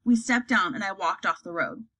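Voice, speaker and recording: A woman reading a children's fantasy story aloud, acting out the characters in a lively way. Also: medium pitch, moderate pace, poor audio. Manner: acts out characters, lively delivery. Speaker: audiobook reader.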